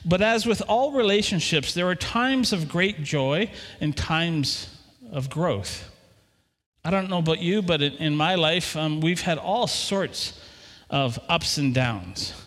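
A middle-aged man preaching a sermon in church, animated and asking the congregation questions. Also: on the high side, slow. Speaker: pastor. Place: church hall. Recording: long hall reverb.

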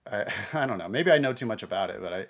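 A middle-aged man chatting on a podcast with a somewhat low voice. He talks in an animated, excitable way, laughs often, and cuts himself off mid-sentence to restart. The delivery is loose and conversational. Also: quick pace. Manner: animated, laughing, self-interrupting. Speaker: podcast co-host. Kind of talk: casual podcast chat.

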